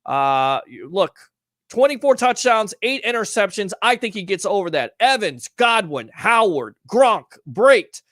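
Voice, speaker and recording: A man's voice: high-pitched, very animated, a little slow, fairly bright tone, no echo, clean studio sound. A man hosting a call-in sports talk show, teasing callers and firing off rhetorical questions. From Tampa Bay area.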